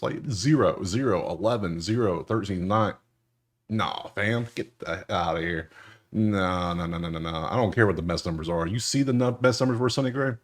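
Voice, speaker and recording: A young man casually breaking down baseball betting picks over a screen share, slangy and joking, with loud incredulous outbursts. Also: sits low, brisk. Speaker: sports betting analyst.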